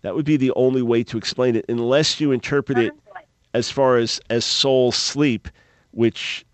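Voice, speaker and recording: A male talk radio host works through a listener's Bible question with measured, careful explanation. His voice sits at an ordinary middle pitch. The sound is dry and close. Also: steady tone, dry recording. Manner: measured, explanatory, thoughtful pauses. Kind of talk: call-in radio Bible answers.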